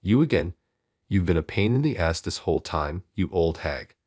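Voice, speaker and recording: A man's voice: deep voice, animated, normal speed, a little mellow, slightly rough, dry recording, clean studio sound. A man voicing a group of rude young male thugs, taunting and insulting.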